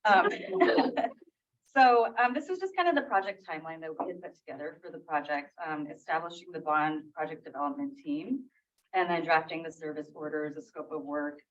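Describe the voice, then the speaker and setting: A woman from the library staff gives an informal update at a public meeting in a low voice and at normal speed. She's casual, corrects herself as she goes and laughs off her slips. The meeting-room audio is distant, dull and lo-fi.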